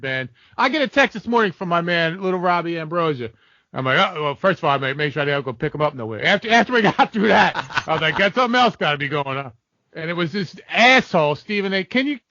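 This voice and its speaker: A man's voice: high-pitched, expressive, fast, pushed and bright, no room sound, highs cut off. A man co-hosting a sports betting podcast, ranting heatedly and swearing through casual chat. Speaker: podcast co-host.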